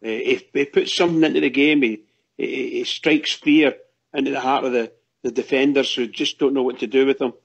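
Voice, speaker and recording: Gravelly man, rambling and gushing. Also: medium pitch, fairly even intonation, fairly quick, muffled recording. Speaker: fan radio co-host. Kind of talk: casual chat.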